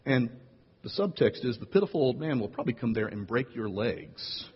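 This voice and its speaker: A man's voice: medium pitch, animated, moderate pace, breathy edge, long reverb tail, lo-fi sound. A man preaching a sermon as pastor, with wry, playful asides.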